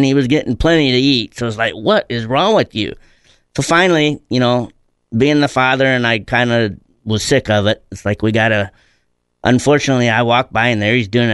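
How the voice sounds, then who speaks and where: A middle-aged man speaks in a low, smooth and resonant voice, recorded dry and close. He talks as an interview guest, earnest and reflective as he tells his stories. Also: a bit bright, no echo. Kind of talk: conversational interview.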